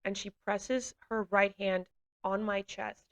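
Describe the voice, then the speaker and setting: A woman telling a personal testimony in an earnest, halting way, with fillers and restarts, growing emotional as she recounts it. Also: medium pitch, flat delivery, muffled recording. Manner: grows emotional while recounting. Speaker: speaker giving a testimony.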